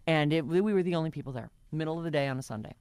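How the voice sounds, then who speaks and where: A radio show regular in their forties chatting casually, telling stories in an animated way and jumping between thoughts. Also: medium pitch, racing, clear, resonant tone.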